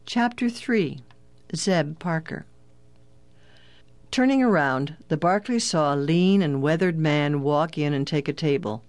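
Dry, even children's audiobook narrator. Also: mid-range voice, unhurried, no room sound.

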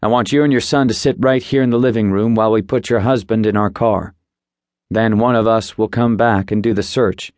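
A male audiobook narrator voicing a measured, politely firm federal agent. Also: fairly low pitch, fairly even intonation, darkish tone, no echo, natural voice. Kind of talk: audiobook character voice.

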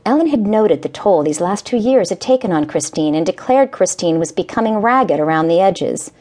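A woman narrating a romance audiobook in a gentle, measured storytelling manner. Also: lowish voice, expressive. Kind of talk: scripted narration.

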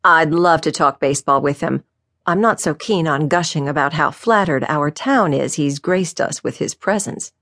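A woman's voice: low-pitched, moderate pace, fairly bright tone, no echo, clean studio sound. A woman doing a wry, unflappable lady sleuth. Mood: teasing. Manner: wry and teasing.

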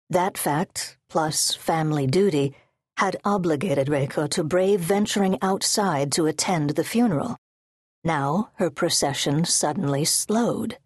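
Husky low-voiced woman narrating. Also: no echo, studio quality. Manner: measured, steady storytelling. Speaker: audiobook narrator. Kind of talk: scripted narration. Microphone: close studio mic.

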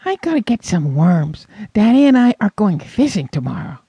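A man voicing a whiny, excitable little boy in an audiobook, in a high, whining voice. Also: normal speed, husky, no room sound, full character voice. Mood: defiant. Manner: high-pitched and whining, cries out. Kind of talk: audiobook character voice.

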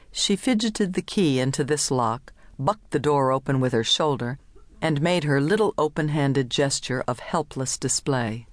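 A woman narrating a literary short story in a measured, even reading voice. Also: very deep voice, no echo. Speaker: audiobook narrator.

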